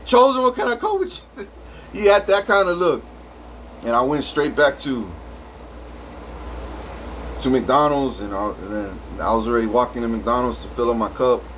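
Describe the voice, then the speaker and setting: A man's voice: medium pitch, normal speed, pauses often, fairly bright tone, slight background noise, poor audio. A man telling a rambling story full of swearing, restarts and filler. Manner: rambling, profane, many restarts. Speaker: vlogger.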